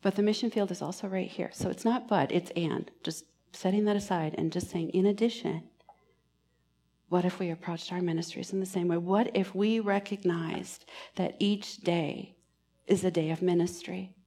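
A woman giving a sermon in church, earnest and pastoral, moving between emphatic lines and hushed, almost whispered ones. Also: on the low side, fairly even intonation, moderate pace. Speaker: preacher.

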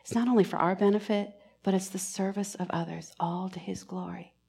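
A woman giving a sermon in church, earnest and pastoral, moving between emphatic lines and hushed, almost whispered ones. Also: lowish voice, steady tone, brisk, gravelly, slightly rough. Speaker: preacher.

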